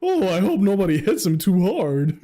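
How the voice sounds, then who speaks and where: A man's voice: sits high, very animated, moderate pace, warm tone, soft background music, pitched above the performer's own voice. A man voicing Paimon, a perky little female companion, with a chirpy, exaggerated silly delivery.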